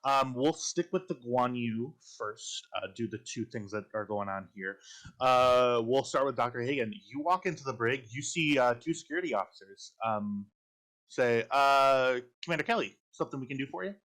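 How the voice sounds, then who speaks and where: A man's voice: mid-range voice, moderate pace, fairly bright tone. A man with a Midwestern accent, running a tabletop role-playing game as game master, hesitant and full of ums and restarts. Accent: Midwestern American. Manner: hesitant, lots of ums and restarts, laughs often. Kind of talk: narrating a tabletop game over a call.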